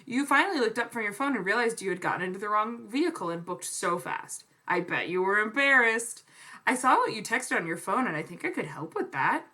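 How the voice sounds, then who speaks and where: A woman's voice: mid-range voice, lively intonation, a little fast, sharp tone. A young woman co-hosting a podcast who talks casually and teases her co-host playfully. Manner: teasing, playful reader. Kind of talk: casual chat.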